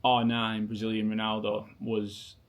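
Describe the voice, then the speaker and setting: A man's voice: lowish voice, completely flat delivery, unhurried, creaky. A man in his thirties with a Lancashire accent, co-hosting a casual Q&A chat in a laid-back, rambling way. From Preston, England. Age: 30s. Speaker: co-host.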